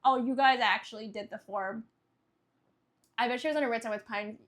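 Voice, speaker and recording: A woman's voice: a little high, moderate pace, a bit bright. A young woman chatting casually on a stream, reading viewer answers aloud, laughing often and swearing freely.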